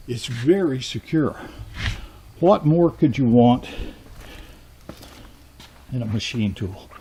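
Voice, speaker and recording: Texas man, teasing mock sales pitch. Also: mellow, slight background noise. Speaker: woodworking channel host. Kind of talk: joking walkthrough vlog. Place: old run-down warehouse.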